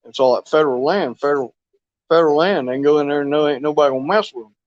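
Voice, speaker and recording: A man's voice: on the high side, racing, highs cut off. A man hosting a fishing live stream, rambling in a casual, folksy way and chuckling often.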